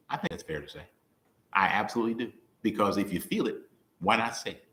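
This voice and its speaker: A young man giving a conversational sermon, playful and animated, laughing often and acting out quick voices. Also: on the low side. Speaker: preacher. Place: church hall. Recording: roomy echo.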